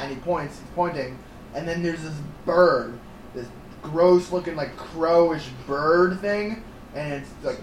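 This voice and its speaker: Animated young man telling a story, roomy. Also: fairly high pitch, measured pace, far from the mic. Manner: animated storytelling, putting on voices and laughing. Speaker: amateur filmmaker recounting his film. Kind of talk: casual group chat. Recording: roomy echo, from off mic, faint noise.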